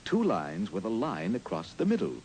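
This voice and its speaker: A man narrating calmly, teaching about a letter. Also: sits low, normal speed, slight background noise. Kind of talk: scripted narration.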